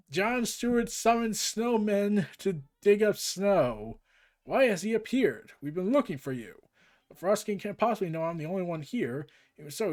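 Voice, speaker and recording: A man's voice: high-pitched, a little mellow. A man recapping and reading through a comic book, with jokey asides.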